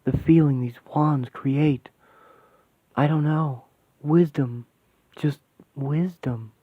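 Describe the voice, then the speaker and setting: A man's voice: a little high, steady tone, slow pace, slightly rough, no room sound. A man voicing a young woman mystic in a fan radio play, talking in breathless wonder and explaining mystic symbols. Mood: awed. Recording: tinny dry lo-fi sound.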